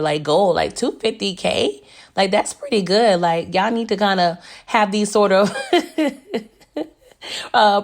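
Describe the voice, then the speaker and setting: A woman chats through a TV episode recap. Her voice sits at a middle pitch, and her delivery is animated and full of asides to viewers. She laughs easily as she goes. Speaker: TV recap vlogger. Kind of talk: casual chat recap.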